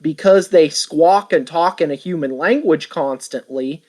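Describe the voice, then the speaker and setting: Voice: medium pitch, a little slow, a little mellow. Matter-of-fact tabletop game player.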